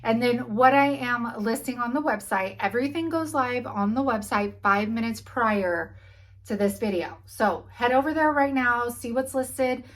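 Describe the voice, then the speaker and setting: A young woman talking casually to camera about thrift finds, a little out of breath, her voice trailing off into quiet asides. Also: on the high side, moderate pace, low-quality recording. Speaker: vlogger showing thrift finds.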